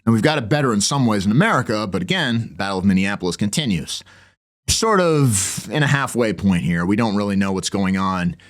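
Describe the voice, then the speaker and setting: A man hosting a podcast, giving a sarcastic political commentary monologue in a mocking tone. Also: a little fast. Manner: sarcastic, mocking, with lively swings in pitch. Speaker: podcast host.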